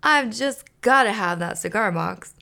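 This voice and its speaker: Woman voicing a bouncy, eager puppet guy, pitched up, gravelly edges, storybook read-aloud. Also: lively intonation, unhurried, full character voice. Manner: bright and eager. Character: cheerful, bouncy male puppet.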